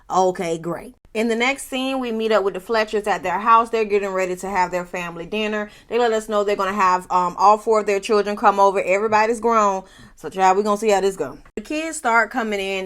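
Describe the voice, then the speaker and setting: A woman recaps a reality show in a sassy, animated way. She laughs often and speaks straight to her viewers. Her voice sits at an ordinary middle pitch. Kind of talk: casual recap commentary.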